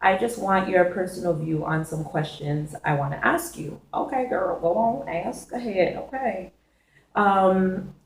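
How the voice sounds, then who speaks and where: A hoarse young woman chatting casually to camera, hosting her own advice segment with a chatty, giggly manner. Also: lowish voice, roomy sound, slight background noise, low-quality recording. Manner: chatty, giggly, talks straight to viewers.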